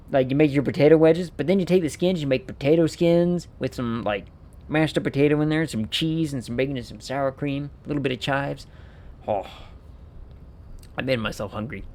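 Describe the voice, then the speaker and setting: A man's voice: on the high side, a little mellow. A man streaming a game, riffing with playful mock outrage and rambling enthusiasm. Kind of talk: casual gameplay commentary.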